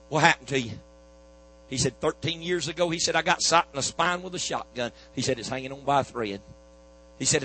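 A preacher man with a husky, bright edge tells a healing testimony in folksy, repetitive storytelling. A faint mains hum sits under his voice, and his pitch sits a bit above the usual for a man. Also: poor audio. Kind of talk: sermon testimony.

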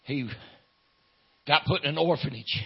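A preacher man with a gravelly, husky voice, slightly high for a man, telling a story to his congregation. He drawls through "uh" fillers, rises to loud fervor and sinks back to quiet retelling, on a dull, lo-fi recording. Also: measured pace. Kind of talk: sermon storytelling. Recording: dull lo-fi sound.

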